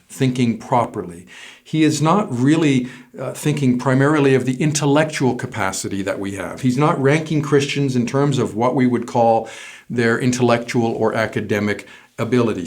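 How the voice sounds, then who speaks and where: A man who is a pastor, preaching a sermon in a measured way, stressing single words with pauses. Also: mid-range voice, darkish tone.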